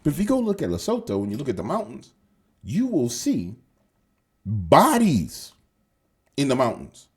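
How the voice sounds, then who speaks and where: Husky-voiced man ranting with lively pitch. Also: normal speed, long pauses. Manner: animated, profane, streetwise slang, talks straight to viewers. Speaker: political commentary podcast host. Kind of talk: casual opinionated monologue.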